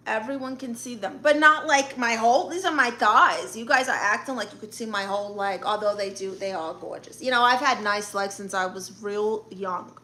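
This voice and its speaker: A woman's voice: a little high, moderate pace, pushed and bright. A woman voicing a brash, boastful, middle-aged aunt from Brooklyn who plays at being a therapist, hosting a livestream and reading out chat comments with blunt sass and a Brooklyn accent. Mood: sassy. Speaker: livestream host.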